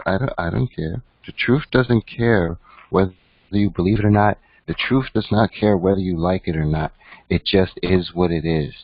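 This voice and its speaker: A man's voice: deep voice, no echo. A man teaching an online class in a conversational lecture style, often checking in with "right?". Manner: conversational, keeps asking "right?". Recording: dull, dry lo-fi audio.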